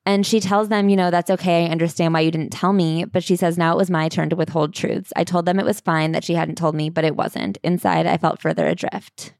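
Gravelly low-voiced woman podcast host. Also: brisk, hardly any pauses, darkish tone, no echo, clean studio sound. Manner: wry, reads memoir passages aloud. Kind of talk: casual book-club chat.

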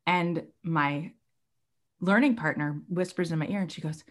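Speaking as a guest, this young woman recounts something from her own life in an animated, conversational way. When quoting others she performs their voices, with big jumps in pitch.

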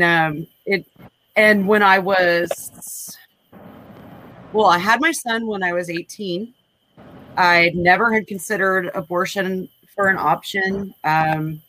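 A woman's voice: lowish voice, sharp tone, low-quality recording. A woman in her forties speaking candidly in a casual panel discussion, rambling with frequent restarts. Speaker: panel guest.

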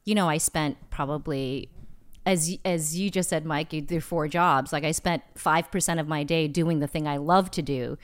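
Podcast guest: woman, chatty and animated, talking over a video call. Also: low voice, normal speed. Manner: chatty, animated, many fillers. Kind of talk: casual podcast chat.

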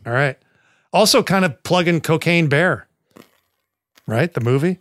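A man co-hosts a podcast in relaxed, jokey chat, drifting and rambling. His voice is clean and smooth, a little higher than most men's. The sound is dry and close, with no room echo. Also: a little slow. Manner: laid-back, rambling, jokey. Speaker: podcast co-host. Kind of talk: casual chat.

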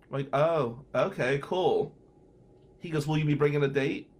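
A middle-aged man hosting a podcast, telling a story in a casual, animated way, acting out both sides of a conversation and swearing now and then. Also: a little high, moderate pace. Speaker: podcast host, defense attorney.

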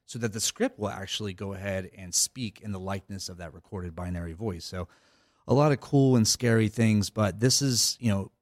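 A man's voice: on the low side, brisk, no room sound, clean studio sound. A man talking as a guest on a podcast interview, rambling with many fillers and restarts. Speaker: cybersecurity guest. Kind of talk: casual interview talk.

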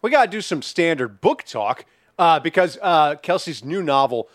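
A man co-hosting a comedic podcast with loud, hyped delivery and shouted bursts. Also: on the high side, very animated, moderate pace, no room sound, clean studio sound. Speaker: podcast co-host. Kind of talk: rowdy comedic chat.

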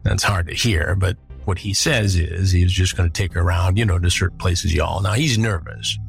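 A man hosting a podcast, retelling a story in a measured, dramatic way. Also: deep voice, creaky, faint music behind. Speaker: podcast host. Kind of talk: storytelling narration.

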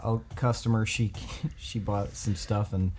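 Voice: mid-range voice, steady tone, a little slow, a little mellow. Giggly storyteller, noisy mic. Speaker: podcast cast member. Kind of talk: casual anecdote telling.

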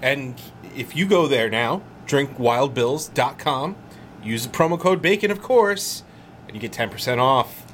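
A man co-hosting a podcast, giving relaxed, salesy sponsor pitches in casual chat. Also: unhurried, a little hiss or hum. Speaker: podcast co-host.

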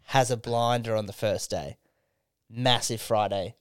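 Australian bloke spinning a crude yarn. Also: male voice, on the low side, a little slow, clear, resonant tone, dry recording, studio quality. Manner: animated, swearing yarn-spinner acting out quotes. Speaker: podcast host. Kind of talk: casual storytelling chat.

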